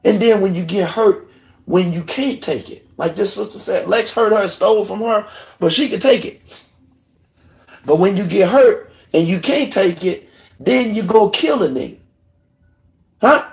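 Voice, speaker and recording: A man hosting a livestream, ranting heatedly and emotionally, swinging between low muttering and shouting. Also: animated, measured pace, vocal fry, pauses often. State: emotional, in tears. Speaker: livestream host. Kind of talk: angry livestream rant.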